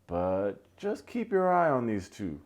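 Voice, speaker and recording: A man's voice: medium pitch, wildly swooping pitch, measured pace, a little mellow. A man, recapping a dating show with sarcastic, playful commentary and mock impressions. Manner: sarcastic, playful, mimics people he quotes. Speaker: recap video host. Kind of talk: comedic reality show recap.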